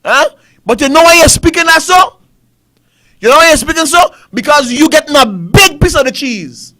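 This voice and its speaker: Male Caribbean talk host, very high bright voice, heated ranting commentary. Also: expressive, normal speed. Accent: Caribbean English. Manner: ranting, repetitive, rhetorical questions. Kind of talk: fiery political commentary.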